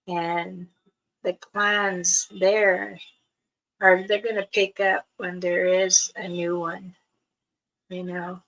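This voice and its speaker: An older woman, a spiritual elder, talking casually to her viewers in a slow, soft, halting way with many pauses. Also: mid-range voice, vocal fry, poor audio. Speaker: spiritual elder and channel host.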